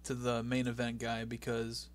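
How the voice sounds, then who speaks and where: A man's voice: mid-range voice, monotone, moderate pace, dry recording. A young man co-hosting a casual podcast, animatedly recapping a match and laughing as he goes. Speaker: podcast co-host recapping wrestling.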